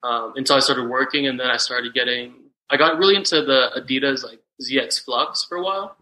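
A Texan man in his twenties, appearing as a podcast guest, rambles through casual stories packed with filler words. His medium-pitched voice moves briskly, and the recording quality is low.

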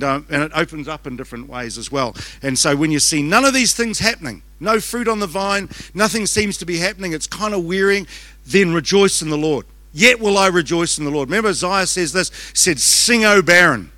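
Fast-talking New Zealand pastor, bright voice. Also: male voice, a little high, no room sound. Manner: fast-talking, joking and conversational, with restarts. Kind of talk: conference sermon. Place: church auditorium. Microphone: handheld microphone.

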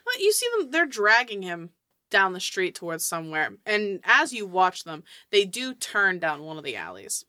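Woman running a tabletop game, bright voice, bounces around a lot, dry close mic. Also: medium pitch, normal speed, no room sound. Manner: lively descriptive storytelling. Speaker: game master.

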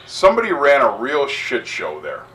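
Animated profane man telling stories. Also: mid-range voice, normal speed, slight background noise, poor audio. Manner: animated, profane, acts out dialogue. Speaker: podcast co-host, wrestling promoter. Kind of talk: casual storytelling chat.

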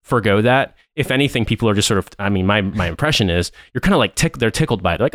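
A man's voice: on the low side, lively intonation, dry recording, clean studio sound. An American man hosting a podcast, telling stories in casual chat and laughing along. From United States. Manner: fast, rambling storyteller with laughs. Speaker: podcast host.

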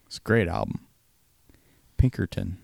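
A man co-hosting a podcast, chatting casually about albums in a relaxed, hesitant way. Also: sits low, measured pace, vocal fry, dry recording, studio quality. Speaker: podcast co-host. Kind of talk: casual chat about music.

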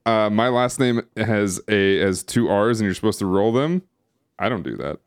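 A man co-hosting a podcast speaks at normal speed with a fairly low voice and lively intonation. The chat is casual and rambling, packed with fillers and restarts, and recorded through a streaming setup microphone.

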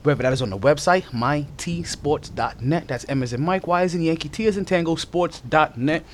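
A man hosting a casual sports podcast, slightly out of breath, talking loosely and animatedly with lots of shout-outs. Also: fairly high pitch, brisk, a little hiss or hum. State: a little out of breath. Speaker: podcast host.

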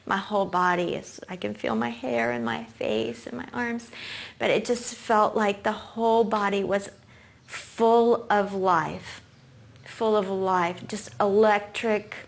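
Woman sharing a faith story, earnest and halting, a bit teary, mid-pitched voice. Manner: earnest, halting storytelling, breaks into soft singing. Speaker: testimony speaker. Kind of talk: emotional personal testimony.

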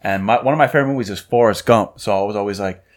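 Man from New York, podcast host, fast talker, lower voice, storytelling chat. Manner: storytelling, acts out quotes.

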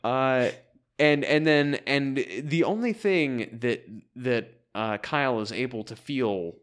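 A man's voice: medium pitch, slow, a bit bright, clear, resonant tone. Rambling male podcast co-host. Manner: rambling, many restarts and asides. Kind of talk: casual recap chat.

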